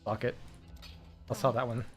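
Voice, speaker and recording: A man's voice: medium pitch, level tone, normal speed, soft background music. A man casually commenting while playing a game on stream, rambling with lots of filler words and frequent swearing.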